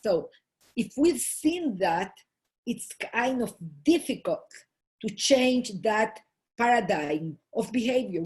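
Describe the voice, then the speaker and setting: A woman giving a talk on family habits, earnest and often pausing with fillers and restarts. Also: medium pitch, a little mellow. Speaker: host.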